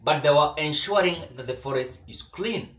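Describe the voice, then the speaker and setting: A Kenyan man delivers political commentary in an emphatic way, repeating himself and stumbling over words. His pitch rises and falls a lot. The recording sounds roomy and echoey. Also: expressive, normal speed, fairly bright tone.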